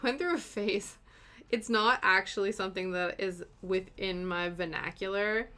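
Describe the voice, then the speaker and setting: Bright, chatty British woman streaming. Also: medium pitch, moderate pace, clear, resonant tone. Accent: British, softened by long years in Canada. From Britain. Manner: chatty and rambling, heavy with "like" fillers and easy laughs. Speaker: live-streamer. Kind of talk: casual live-stream chat while cross-stitching.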